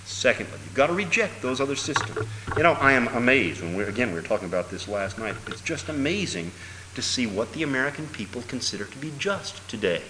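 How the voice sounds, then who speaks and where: A man preaching a sermon with emphatic delivery, dropping low and then bursting into loud exclamations. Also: lively intonation, a little fast. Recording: hall reverb with faint noise.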